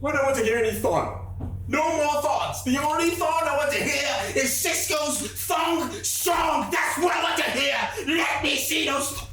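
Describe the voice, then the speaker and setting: A man playing an exasperated male spokesman at a press conference, breaking into shouted rants. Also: very high voice, unhurried, soft background music, exaggerated voice. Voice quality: shouting rants with sudden outbursts. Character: exasperated male record-keeping spokesman, ranting. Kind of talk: sketch comedy acting. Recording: echoey room with faint noise.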